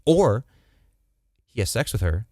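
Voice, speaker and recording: A man's voice: lowish voice, very animated, a little slow, mellow, no room sound, clean studio sound. A young man co-hosting a podcast, chatting casually and jokingly, full of slang and fillers. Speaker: podcast co-host. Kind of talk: casual chat.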